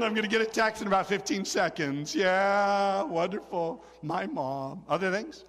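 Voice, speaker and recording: Bright-voiced pastor in a reverberant hall. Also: male voice, high-pitched, measured pace. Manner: joking, chatty, frequent fillers and restarts. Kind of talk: conversational sermon with congregation back-and-forth. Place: large church sanctuary. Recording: long reverb of a large hall.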